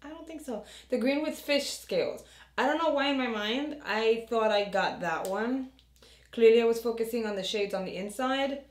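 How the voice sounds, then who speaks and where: A woman's voice: fairly high pitch, moderate pace, roomy sound. Chatty woman vlogger with a morning voice. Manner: chatty, self-deprecating, talks to the camera. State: low morning voice. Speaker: beauty vlogger. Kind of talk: casual makeup tutorial chat.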